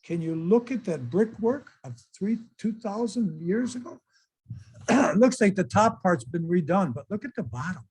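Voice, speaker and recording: A man's voice: high-pitched, expressive, unhurried, darkish tone, husky. An older man giving a casual, chatty slideshow talk and exclaiming to his audience as presenter. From United States.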